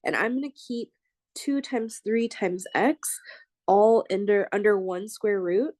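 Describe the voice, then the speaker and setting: Slow, patient woman math lecturer. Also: medium pitch, a little mellow, no echo. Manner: thinks aloud while writing, checks in with listeners. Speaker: math professor. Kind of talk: lecture working problems on a board.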